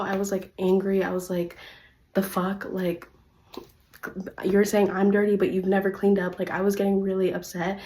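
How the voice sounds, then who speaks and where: Young woman, casual storytime vlog, talkative, swears a lot, mid-pitched voice. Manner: chatty, animated, heavy use of "like", swears freely; swings between loud ranting and low, quiet asides. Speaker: storytime vlogger.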